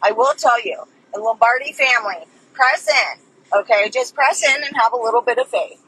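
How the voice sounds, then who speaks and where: Woman, high-pitched, ranting live on a phone outdoors; profane, accusatory, preachy, with a constant "okay?" tic. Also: moderate pace, bright, forceful tone, breathy edge. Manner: profane, tag "okay?" on most sentences. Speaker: livestreamer. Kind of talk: rambling angry livestream rant. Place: outdoors on a town street. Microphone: phone livestream.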